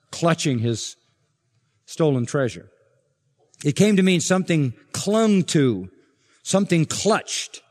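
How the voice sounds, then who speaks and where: A man preaching an expository sermon as pastor, emphatic and building to forceful points. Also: mid-range voice. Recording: long reverb of a large hall.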